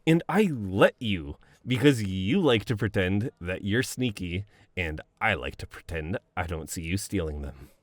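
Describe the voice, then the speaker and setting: A man's voice: low-pitched, animated, measured pace, hardly any pauses, no echo. A young man playing a boyfriend in a romantic voicemail role-play, reminiscing fondly, laughing often and swearing casually.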